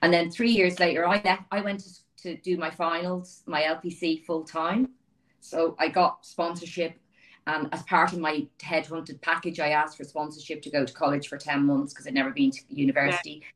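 A low-pitched Irish woman from Dublin, in her fifties, talks easily as an interview guest, circling back and restarting her sentences. She sits a little away from the mic, so her voice sounds slightly distant. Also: little pitch movement, normal speed, a bit bright. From Ireland (Dublin). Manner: chatty storyteller, frequent restarts and you-knows. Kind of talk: conversational interview.

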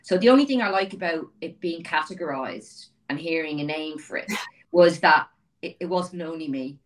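A woman's voice: low-pitched, normal speed, distant mic. A Dublin woman in her fifties with an Irish accent, chatting as an interview guest and telling her story with many restarts. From Ireland (Dublin). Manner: chatty storyteller, frequent restarts and you-knows. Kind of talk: conversational interview.

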